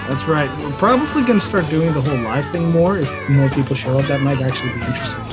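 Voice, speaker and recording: A man's voice: a little high, expressive, fast, over loud music. Sarcastic young man co-hosting. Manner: sarcastic, teasing, laughs often. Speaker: podcast co-host. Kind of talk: casual gaming podcast chat.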